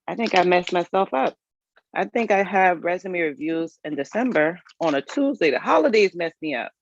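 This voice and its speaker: A woman's voice: on the low side, animated, moderate pace, creaky, no room sound, highs cut off. A woman, hosting a live resume review in a casual, folksy, chatty way and talking straight to her viewers. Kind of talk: casual livestream chat.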